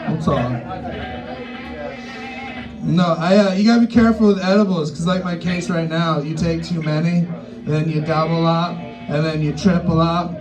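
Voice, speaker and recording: A man doing a loose, profane stand-up set in a bar, rambling and mocking himself. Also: fairly high pitch. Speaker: stand-up comic. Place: comedy bar stage.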